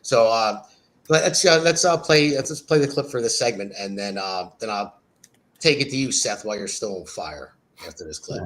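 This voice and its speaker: Low-voiced male talk show host. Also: expressive, normal speed, fairly bright tone. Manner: loose, rambling with fillers. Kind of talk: hosting a talk show segment.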